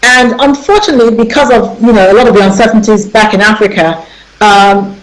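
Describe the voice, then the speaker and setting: A woman's voice: medium pitch, fairly even intonation, a little fast, low-quality recording. A middle-aged woman hosting a radio talk show, speaking emphatically and turning to her listeners directly.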